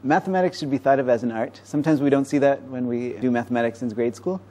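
In a conversational interview, this man, a professor of mathematics, lays out ideas in a patient, teacherly way. His voice is mellow and mid-range, and his explanations come quickly.

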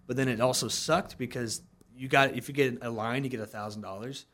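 A man's voice: medium pitch, fairly even intonation, a little fast, a bit bright. A man from South Carolina, a guest musician in a casual interview, telling stories animatedly and acting out quoted dialogue.

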